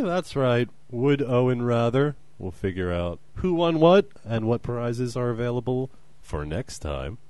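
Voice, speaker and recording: A man's voice: medium pitch, clear, resonant tone, no echo. A man hosting a comedy podcast with dry, exasperated sarcasm. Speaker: podcast host.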